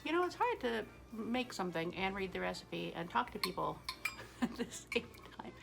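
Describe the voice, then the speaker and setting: A woman's voice: mid-range voice, big pitch swings, moderate pace, vocal fry, background noise. A woman hosting a casual cooking vlog in her home kitchen, chatty and self-mocking, laughing often. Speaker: cooking show host.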